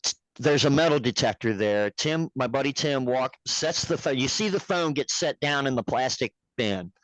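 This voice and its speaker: A man's voice: medium pitch, lively intonation, normal speed, a bit bright, dry recording, low-quality recording. A man who produces a puppet show, telling stories as a podcast guest in a rambling, profane, laughing way. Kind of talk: casual storytelling chat.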